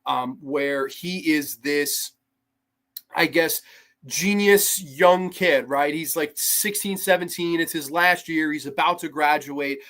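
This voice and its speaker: Male host, casual film review, enthusiastic, slightly high-pitched. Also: takes it slowly, fairly bright tone. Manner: enthusiastic, acts out quoted lines in a higher voice.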